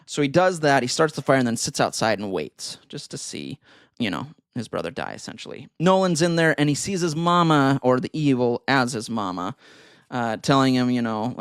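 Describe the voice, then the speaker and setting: A man's voice: medium pitch, no echo, studio quality. A man on a podcast casually retelling a movie plot in a rambling way, full of fillers and self-corrections. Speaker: podcast co-host.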